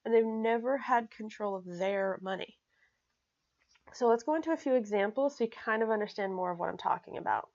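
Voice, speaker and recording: A woman explaining personal finance in a casual, energetic way, often checking in with "okay?" and speaking bluntly and emphatically. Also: fairly high pitch, a little fast, dull audio. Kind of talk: casual explanatory talk to camera.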